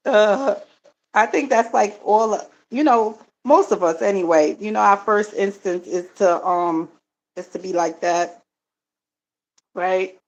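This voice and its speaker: Reading viewer comments aloud and then responding, this middle-aged live-stream host and card reader talks in a mid-range voice. She addresses her audience as family and leans on lots of fillers, all captured in lo-fi sound.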